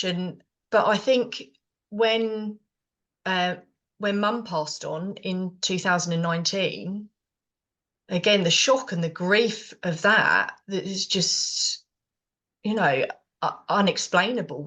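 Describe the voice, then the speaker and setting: A middle-aged woman from Britain with a mid-range, slightly bright voice speaks in British English. She's a rambling podcast co-host in casual chat, full of ums and restarts.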